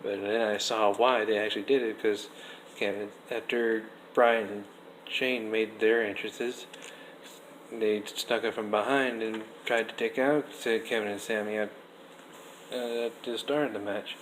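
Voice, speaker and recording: A young man giving a casual, rambling wrestling review, restarting sentences often and getting animated. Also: lowish voice, a little slow, low-quality recording. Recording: faint background noise.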